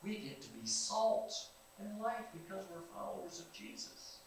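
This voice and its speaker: An older man preaching a sermon in a church, animated and folksy, asking the congregation questions. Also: sits high, a little slow. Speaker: pastor. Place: church sanctuary. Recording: very echoey church room, distant mic, faint hiss.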